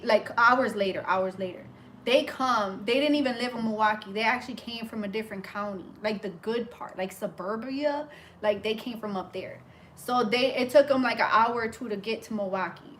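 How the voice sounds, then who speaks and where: A young woman telling a story in a casual, animated way, full of fillers and restarts, while she works as a hairstylist. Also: a little high, normal speed, slight background noise. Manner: animated, breathless retelling with many fillers. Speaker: hairstylist and vlogger.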